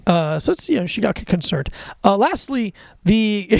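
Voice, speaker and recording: A man's voice: high-pitched, big pitch swings, a little slow, gravelly, no room sound, clean studio sound. A man co-hosting a podcast in casual chat, joking and teasing. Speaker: podcast co-host.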